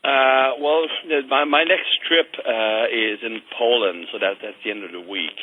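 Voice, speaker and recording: A man's voice: mid-range voice, moderate pace, no room sound. A man, a guest coach in casual chat, speaking hesitantly with many fillers and dry humor. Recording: tinny phone-like lo-fi.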